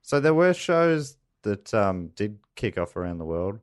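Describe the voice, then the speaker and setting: A man's voice: fairly low pitch, sing-song, a little slow, no echo. A man hosting a casual podcast chat with dry, teasing humor. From Australia. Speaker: podcast host.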